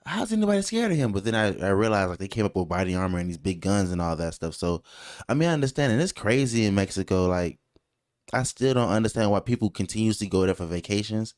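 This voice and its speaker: A man with a fairly low voice co-hosts a relaxed podcast chat. He talks loosely and tells his stories with plenty of animation. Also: fast talker. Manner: loose, animated storytelling with jokey put-on voices. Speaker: podcast co-host.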